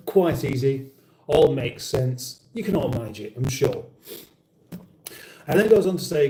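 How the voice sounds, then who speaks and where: A man's voice: mid-range voice, animated, a little slow, dark tone, reverberant, slight background noise, low-quality recording. A middle-aged British man hosting a casual livestream, reading out viewer comments in a dry, wry, mock-formal way and sounding a little weary. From United Kingdom. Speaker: livestream host.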